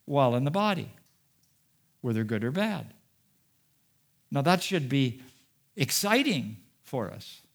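A man preaching a sermon, reading scripture aloud and commenting, with emphatic peaks and quiet, soft-spoken asides. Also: mid-range voice, very animated, slow, gravelly, pauses often. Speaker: pastor.

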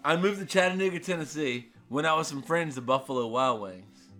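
A man's voice: fairly high pitch, a little fast, faint music behind. A man co-hosting a casual podcast, telling a rambling anecdote in a loose, chatty way. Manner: rambling anecdotal storyteller, lively. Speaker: podcast co-host. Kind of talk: casual chat, storytelling.

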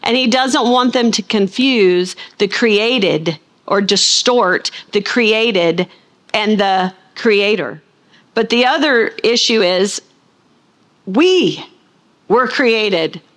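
Fairly high-voiced woman teaching a sermon. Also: animated. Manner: asks the room questions and answers them; slows and stresses key words. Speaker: Bible teacher.

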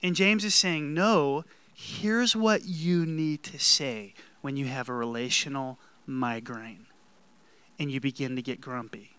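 A pastor preaching a conversational sermon, building emphasis on key lines and laughing at himself now and then. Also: male voice, mid-range voice, unhurried, pushed and bright, smooth.

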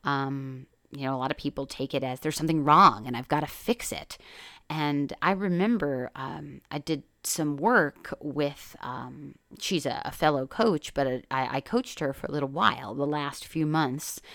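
A woman's voice: low voice, moderate pace, fairly bright tone, no echo, studio quality. A woman life coach talking casually on her own podcast, candid and chatty, swearing freely and laughing often. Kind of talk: casual solo podcast talk.

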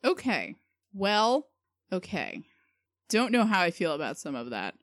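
A woman co-hosting a casual podcast, answering a quiz, joking and thinking out loud. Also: mid-range voice, very animated, a little slow, no room sound, studio quality. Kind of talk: casual chat.

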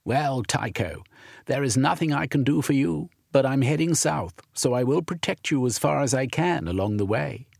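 A man playing a brusque, incredulous Victorian gentleman. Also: medium pitch, expressive, moderate pace, vocal fry, slightly rough, no room sound, studio quality, voice pushed up. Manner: clipped, incredulous, proper questioning.

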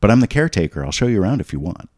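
A little old caretaker, small and eager, chatters in a voice pushed well above the deep natural pitch of the man acting him out. He sounds excited and welcoming, talking fast and warmly to guests at his door. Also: no echo, clean studio sound.

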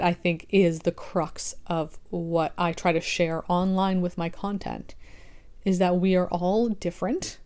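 A woman's voice: fairly low pitch, darkish tone. A young adult woman, an online creator, talking through her thoughts in a casual, rambling monologue full of restarts.

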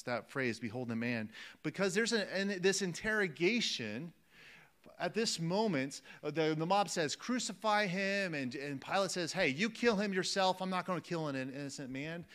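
A man's voice: fairly high pitch, fairly bright tone. A man preaching a sermon, emphatic and repeating phrases for weight, calling his listeners friends.

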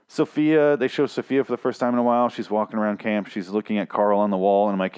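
A man's voice: medium pitch, fast, hardly any pauses, darkish tone, clear, resonant tone. A man recapping a comic in a casual, profane, sarcastic and rambling way. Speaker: podcast host recapping a comic.

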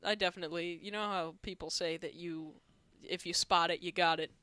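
Bright, smooth-voiced joking man. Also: sits high, fairly even intonation, dry recording. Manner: self-deprecating, jokey, halting with fillers. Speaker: comedian and podcast co-host. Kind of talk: casual comedy banter.

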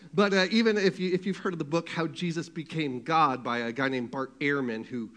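A man preaching a sermon, asking his congregation questions and swinging between loud emphasis and hushed, quiet passages. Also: on the high side, normal speed. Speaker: pastor.

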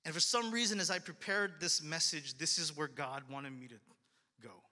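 Male pastor, casual earnest sermon delivery, bright tone, long reverb of a church hall. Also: fairly high pitch, normal speed. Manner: earnest, conversational, repetitive.

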